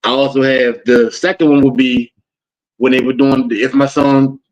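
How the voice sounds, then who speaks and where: A man's voice: medium pitch, steady tone, moderate pace. A man in a mid-range voice talks steadily on a podcast and presses his points home. His audio sounds dull and lo-fi. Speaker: podcast co-host. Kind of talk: casual chat.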